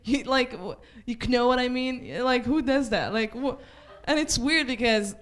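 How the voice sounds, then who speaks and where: A woman from Israel with an Israeli accent and Hebrew as her first language, doing a stand-up set at a small comedy club with offhand dark jokes and lots of "like" fillers. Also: a little high, unhurried. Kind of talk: open-mic stand-up set.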